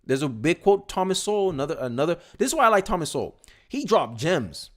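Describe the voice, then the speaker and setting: A young man giving casual, animated political commentary on his own livestream, with quick asides and repeated words when he gets going. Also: on the high side.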